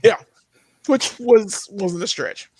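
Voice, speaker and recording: A young man co-hosting a casual movie podcast, chatting in animated bursts that leap up into high exclamations. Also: slow, slightly rough, no room sound. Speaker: podcast co-host. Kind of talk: casual chat.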